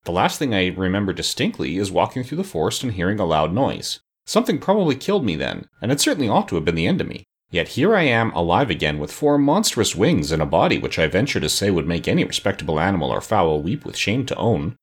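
A man voicing a huge winged storybook creature, the Gump, with a squeaky voice and a formal, melancholy way of speaking. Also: sing-song, fast talker, hardly any pauses, breathy edge, exaggerated voice. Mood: bewildered.

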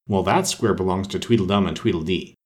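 A man voicing a brisk, commanding but kindly queen in a storybook reading. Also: low voice, voice pushed down, natural voice. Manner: brisk, urging, matter-of-fact.

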